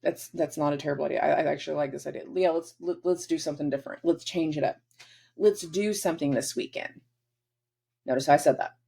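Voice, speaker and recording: Low gravelly woman reading astrology. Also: fast, dark tone. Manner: chatty, acts out quoted dialogue in shifting voices. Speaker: astrology forecast host. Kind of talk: casual astrology forecast.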